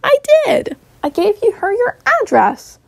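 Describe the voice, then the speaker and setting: Woman doing a breezy high-voiced slacker guy. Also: big pitch swings, measured pace, gravelly, a little mellow, dry recording, full character voice.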